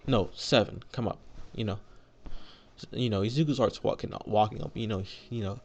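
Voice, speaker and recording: A man's voice: fairly low pitch, fairly quick, creaky, darkish tone. A young man casually retelling a fan-made story, rambling with lots of fillers and restarts.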